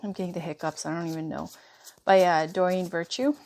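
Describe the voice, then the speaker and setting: A woman giving a chatty tarot reading, going hoarse as she loses her voice. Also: on the low side, steady tone, fairly quick, a little mellow, a little hiss or hum. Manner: chatty, reassuring, drifts between reading aloud and asides. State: losing her voice. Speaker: tarot reader.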